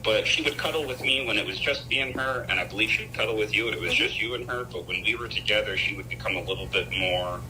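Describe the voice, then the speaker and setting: A man answering police questions as a father, giving quick explanatory answers. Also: fairly low pitch, bright, forceful tone, a little hiss or hum, low-quality recording. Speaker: interviewee father.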